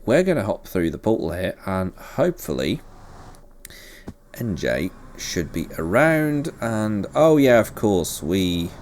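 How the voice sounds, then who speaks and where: A man hosting a game series, chatting casually and rambling with self-deprecating jokes as he plays. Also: low voice. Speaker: let's play host. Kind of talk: casual gameplay commentary.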